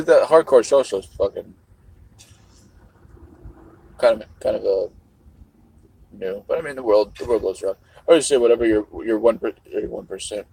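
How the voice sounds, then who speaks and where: A man's voice: medium pitch, vocal fry, darkish tone, breathy edge, no room sound, low-quality recording. A middle-aged man vlogging in a casual livestream monologue, rambling and musing with a half-joking tone.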